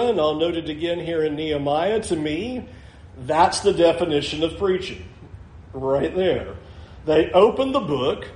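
Male pastor, high voice, explanatory with a dry wit, preaching in a roomy, echoey church. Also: darkish tone. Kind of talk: expository sermon. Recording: roomy echo.

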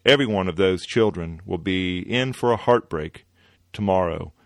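A man's voice: low voice, normal speed, no room sound, clean studio sound. A man voicing an upright, earnest male comic-book superhero who lectures a selfish man.

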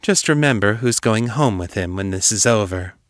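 A man voicing a droll, coolly hostile noblewoman who sounds amused with a sharp edge underneath, in a narrated story. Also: on the low side, lively intonation, normal speed, no room sound, clean studio sound, lightly acted. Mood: cutting.

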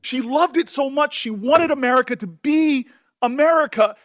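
A senator speaking emotionally at a hearing, halting and repeating his words. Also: extremely high pitch, fairly bright tone.

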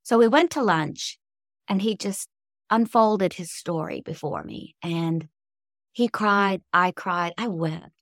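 A woman's voice: mid-range voice, takes it slowly, fairly bright tone, no echo, clean studio sound. A middle-aged woman, a guest author, telling heartfelt faith-based stories in an interview with an earnest, emotional manner.

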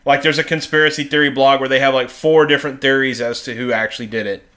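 A man's voice: mid-range voice, steady tone, fast talker, a bit bright. A man co-hosting a podcast in casual chat, swearing freely and laughing often. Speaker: podcast co-host.

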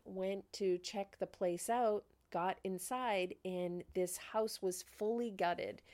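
Animated area woman telling a story. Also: fairly low pitch. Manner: animated, laughing, acts out quoted dialogue. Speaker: podcast host. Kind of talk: casual storytelling monologue.

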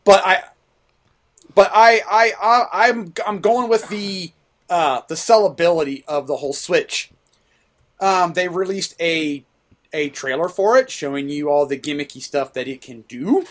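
A man's voice: sits high, unhurried, a bit bright. A man hosting a casual gaming podcast, often stumbling and restarting his sentences as he talks.

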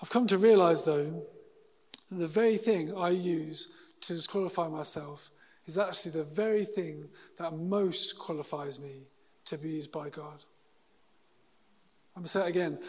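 A man preaching a sermon in an earnest, halting way, often restarting his sentences. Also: high-pitched, big-room sound. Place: church hall.

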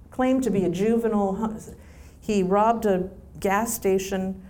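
A woman answering audience questions in a chatty, relaxed way, with frequent ums and restarts. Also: mid-range voice. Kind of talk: casual Q&A answers.

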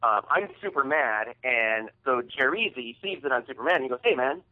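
A man's voice: medium pitch, expressive, moderate pace. A man hosting a podcast, retelling an embarrassing story in a casual, profane, heated way. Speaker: podcast host. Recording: tinny phone-like sound.

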